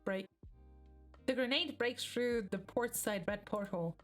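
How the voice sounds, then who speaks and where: A woman's voice: fairly high pitch, measured pace, soft background music. A woman streamer casually reading a webcomic aloud, breaking off now and then to laugh and react with swearing.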